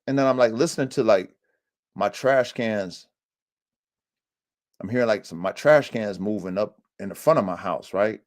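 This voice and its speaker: A man's voice: lowish voice, moderate pace. Profane, slangy man hosting a podcast. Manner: profane, slangy and animated, with many fillers like "you know what I'm saying". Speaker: podcast host, dog breeder. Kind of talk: casual storytelling on a livestream podcast. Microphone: livestream mic.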